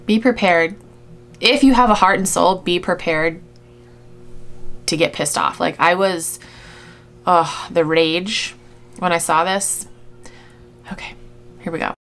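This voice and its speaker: A woman's voice: on the low side, slow pace, long pauses, fairly bright tone, soft background music. A woman giving reaction commentary on a video, indignant and exasperated, with frequent sighs. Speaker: YouTube commentator.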